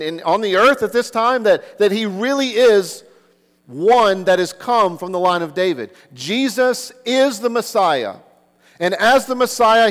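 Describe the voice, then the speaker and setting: A man's voice: sits high, fairly bright tone, big-room sound. A man preaching a sermon, earnest, who keeps asking the listeners rhetorical questions. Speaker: pastor.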